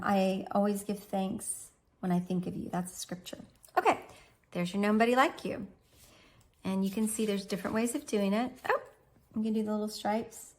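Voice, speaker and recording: A woman's voice: medium pitch, a little mellow. A woman in her thirties giving a chatty, encouraging step-by-step drawing lesson for kids, thinking aloud as she draws. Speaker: art teacher.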